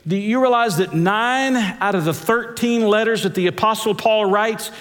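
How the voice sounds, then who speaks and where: A man preaches a sermon with a somewhat high voice. He drags out key words and leaps up and down in pitch to drive points home. A long reverb from the large hall trails behind him. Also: normal speed, a bit bright. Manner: preaching with big swings of pitch, stretched words for emphasis. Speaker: pastor. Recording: echoey church hall.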